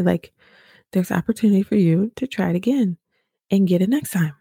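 A woman's voice: medium pitch, brisk, gravelly, dark tone, breathy edge, no room sound, clean studio sound. A young woman, a mother, chatting casually in a motivational vlog, laughing and telling a story with dramatic flair. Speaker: vlogger, mother.

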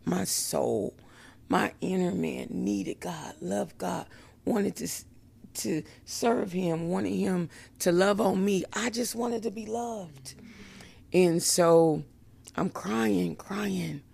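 Woman sharing her testimony, slow and heartfelt, gravelly low voice. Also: darkish tone. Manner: slow and emotional, many "um" fillers, laughs often. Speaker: speaker giving a testimony. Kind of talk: personal faith testimony.

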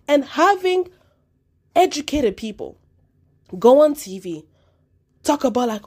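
A woman's voice: high voice, very animated, a little slow, long pauses, a little mellow. A woman from Africa hosting a solo commentary podcast, talking with passion and repeating words for emphasis. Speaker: podcast host.

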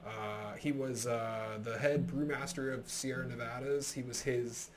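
A young man co-hosting a casual football podcast, chatty and animated, telling stories and laughing often. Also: medium pitch, a little slow, a crowd in the background. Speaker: podcast co-host. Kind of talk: casual sports chat.

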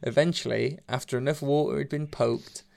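A man retells an old legend in loose, casual podcast chat, swearing freely and laughing through it. His voice sits mid-pitch with a gravelly crackle. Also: fairly even intonation, normal speed, darkish tone. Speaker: podcast host. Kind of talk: casual storytelling.

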